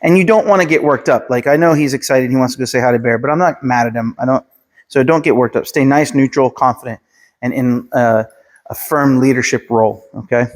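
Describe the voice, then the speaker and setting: A man working as a dog trainer, calmly explaining his methods and giving short commands and praise to a dog. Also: mid-range voice, brisk. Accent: Pennsylvania. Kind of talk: instructional dog training video.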